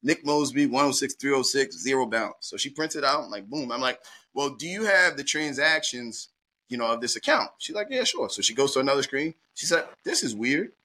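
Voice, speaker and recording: A middle-aged man from Baltimore, a guest telling a personal story in a lively, anecdotal way, acting out the dialogue. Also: mid-range voice, fairly quick. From Baltimore, USA.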